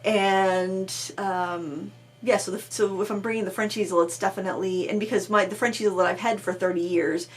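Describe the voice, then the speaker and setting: A woman's voice: medium pitch, steady tone, normal speed. A middle-aged woman hosting a casual craft livestream chat, talking in a rambling, chatty way with many restarts and fillers. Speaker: craft channel host.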